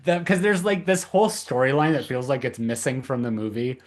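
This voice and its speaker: A man hosting a film podcast in relaxed, casual conversation. His pitch sits in the middle range, and he speaks haltingly, often restarting his sentences. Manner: halting, many fillers and restarts. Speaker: podcast host.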